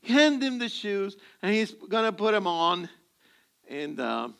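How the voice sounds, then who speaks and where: High, bright-voiced preacher man. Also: very animated, slow pace, vocal fry, clear, resonant tone. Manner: humorous storytelling, acts out dialogue. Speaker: pastor. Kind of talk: sermon.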